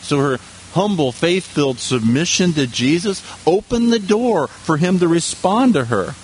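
A man's voice: a little high, lively intonation, normal speed, a little hiss or hum. A man preaching a sermon in a conversational manner, with asides and rhetorical questions to the congregation. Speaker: pastor.

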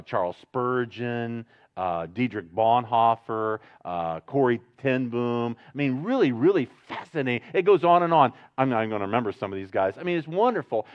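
A man preaching a sermon in a conversational style, breaking into loud emphatic bursts and chatty asides. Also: mid-range voice, highs cut off. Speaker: pastor.

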